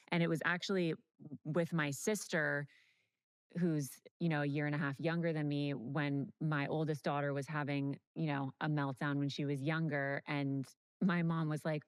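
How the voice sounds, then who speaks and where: A woman's voice: sits low, level tone, normal speed, clear, resonant tone. A woman hosting a podcast, reflecting thoughtfully in casual conversation. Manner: reflective, with many fillers and restarts. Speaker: podcast host.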